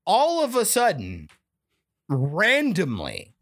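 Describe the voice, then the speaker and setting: A woman's voice: lowish voice, huge pitch swings, takes it slowly, no room sound, studio quality. A woman co-hosting a podcast, ranting casually and profanely about a movie. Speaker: podcast co-host. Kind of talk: casual chat, movie review.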